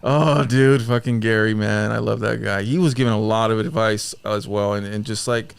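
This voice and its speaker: A man hosting a podcast, talking in a relaxed, slangy way with casual swearing. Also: lowish voice, moderate pace, gravelly, clean tone, no room sound. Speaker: podcast host.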